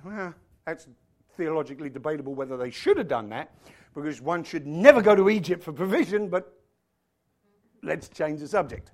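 A man preaching a sermon, animated, acting out voices and swinging from loud exclamations to hushed asides. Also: on the high side, fairly quick.

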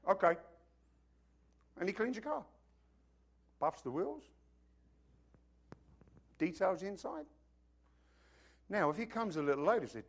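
A man preaching in a lively, bouncy way, his voice rising and falling a lot. He sits a bit high for a man and talks to the congregation casually, mixing teaching with jokes and acted-out bits. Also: unhurried, pauses often. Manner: animated, conversational preaching with joking asides. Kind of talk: sermon.

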